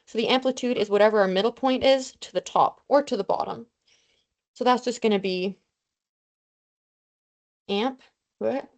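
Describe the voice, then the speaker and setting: A woman's voice: medium pitch, darkish tone. Chatty young woman tutoring online. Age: young adult. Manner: casual, self-deprecating, chatty. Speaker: student tutor. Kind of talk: online review lesson.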